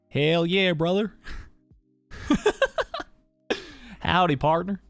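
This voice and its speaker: A man's voice: high voice, wildly swooping pitch, extremely slow, fairly bright tone, no room sound, faint music behind, voice pushed up, full character voice. An Australian man putting on a hammy Southern cowboy. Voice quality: exaggerated drawl.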